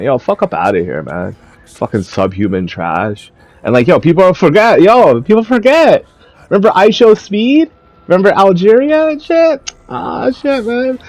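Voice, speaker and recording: A man's voice: mid-range voice, darkish tone, no room sound. A young man ranting in a casual, profane and mocking way, rambling between thoughts. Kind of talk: casual rant.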